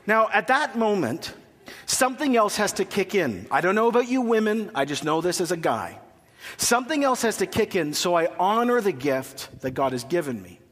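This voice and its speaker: Preaching a sermon in a church sanctuary, a pastor in his thirties spins a humorous anecdote with asides and then turns to scripture. He speaks at a moderate pace in a high, sing-song, slightly bright voice, with a big-room sound.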